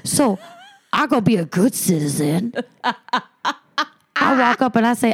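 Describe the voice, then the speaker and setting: A woman telling a wild personal story on a podcast, profane and animated, acting out the other people in it. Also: on the high side, takes it slowly, pauses often, slightly rough. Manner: animated, profane, acts out quoted voices. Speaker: podcast guest. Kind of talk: casual storytelling chat.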